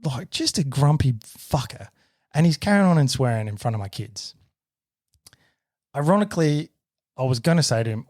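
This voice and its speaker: A man in his thirties with an Australian accent, a podcast co-host telling a story in a sweary, animated way. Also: medium pitch, normal speed, pauses often, no room sound, clean studio sound. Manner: sweary, animated retelling with shouted quotes. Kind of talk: casual storytelling.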